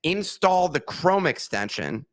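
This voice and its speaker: A man co-hosting a casual podcast chat, talking in an animated way and walking listeners through steps. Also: fairly high pitch, slow pace. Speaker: podcast co-host.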